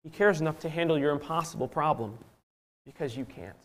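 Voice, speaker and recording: Male preacher, fairly high voice, sermon with scripture reading, dynamic delivery from loud to hushed. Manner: swings between loud emphasis and hushed, drawn-out phrases; reads scripture in old-fashioned biblical wording.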